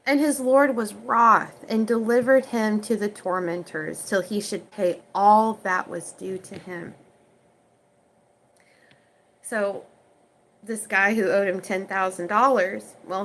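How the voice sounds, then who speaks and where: A woman's voice: medium pitch, steady tone, a little slow, fairly bright tone, slight background noise, rough recording. A woman under forty with an Oklahoma accent reads the King James scripture aloud, then retells it in everyday slang and chats with her viewers. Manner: answers viewer questions chattily. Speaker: online Bible reader. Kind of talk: scripture reading with casual commentary.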